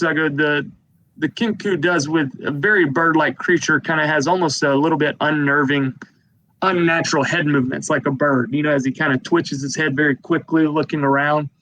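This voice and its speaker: A man's voice: a little high, a bit bright, rough recording. A man narrating a tabletop game as game master, describing the scene in a rambling way with many fillers.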